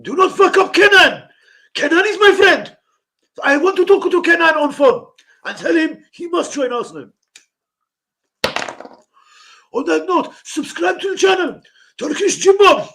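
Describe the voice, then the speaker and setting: A man voicing an excitable young Turkish football fan, pleading in broken English. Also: very high voice, moderate pace, voice pushed up, exaggerated voice. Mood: excited.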